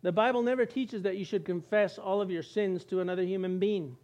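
Middle-aged pastor guy, high voice, chatty sermon w/ jokes and little acted bits. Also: a little fast, lo-fi sound. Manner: lively, joking asides, acts out quoted voices. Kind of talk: conversational sermon.

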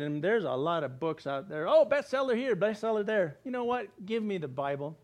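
An older man preaching a sermon as pastor, animated, asking rhetorical questions and acting out the quotes. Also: high-pitched, brisk.

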